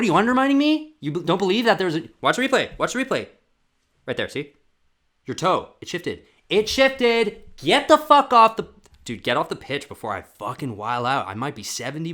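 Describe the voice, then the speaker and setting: A man's voice: fairly high pitch, very animated, normal speed, pitched above the performer's own voice. Man putting on a furious old linesman. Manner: yelling, belittling. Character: furious old male track linesman, rude.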